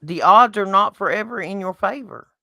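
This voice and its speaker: A woman's voice: medium pitch, animated, normal speed, creaky, bright, forceful tone, no room sound, lo-fi sound. A middle-aged woman with a Southern US accent, co-hosting a casual chat and making her points bluntly with folksy, homespun analogies. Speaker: podcast co-host.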